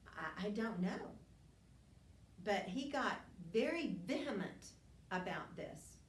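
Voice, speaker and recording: A woman's voice: mid-range voice, sing-song, takes it slowly. A woman teaching a Bible lesson, retelling scripture in an earnest storytelling way with frequent restarts and asides. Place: church classroom. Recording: roomy, distant mic with faint ambience.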